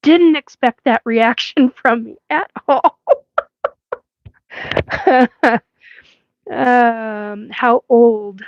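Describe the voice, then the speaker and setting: Speaking extremely slowly and pausing often, a woman with a fairly high pitch hosts a casual live chat. In her fifties, from Washington State, USA, with a West Coast accent, she rambles with many fillers and laughs a lot. The audio is dull, with no room sound.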